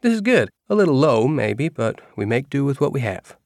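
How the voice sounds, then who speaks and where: A man voicing a brisk, bossy middle-aged woman nurse in an audiobook. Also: medium pitch, very animated, darkish tone, no room sound, clean studio sound, pitched above the performer's own voice.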